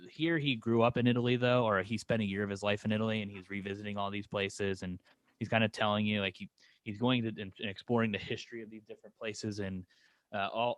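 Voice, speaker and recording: A lower-pitched man chats loosely about a show he watched, circling back and restarting his points. The sound is close and dry, with no room around it. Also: dry recording. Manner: rambling, laughs often. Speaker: podcast co-host. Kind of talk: casual review chat.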